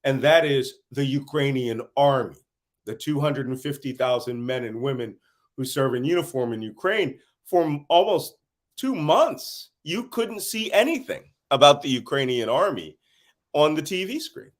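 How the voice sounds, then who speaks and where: A worn-out middle-aged American man gives interview answers on a conflict. He tells his points as lively stories, chuckling here and there. His voice sits at an ordinary middle pitch. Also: moderate pace. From United States. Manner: animated storytelling with laughs. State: tired. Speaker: interview guest, intelligence analyst.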